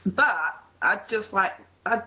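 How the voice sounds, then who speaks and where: A woman's voice: medium pitch, slow pace. A chatty woman with a Yorkshire accent rambles through a casual video call, laughing easily as she goes. Her voice sits in a middle range and comes through slightly dull and muffled over the call line. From Leeds area, England. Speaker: call participant. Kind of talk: casual conversation.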